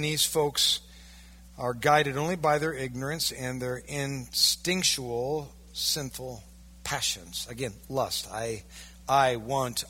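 A male pastor preaching a sermon, emphatic, swinging from loud, stressed peaks down to low, quiet lines.

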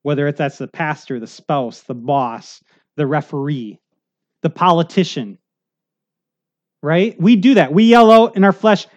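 A man preaching a conversational sermon, rambling and animated, full of asides and restarts. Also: a little high, a little slow, pauses often. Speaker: pastor. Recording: muffled lo-fi recording.

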